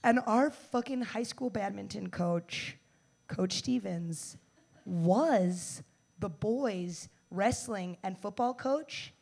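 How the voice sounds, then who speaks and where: A woman in her twenties from the United States performing a stand-up set, brash and profane, with loud bursts and mock-tough asides. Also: medium pitch, takes it slowly, creaky. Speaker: stand-up comedian.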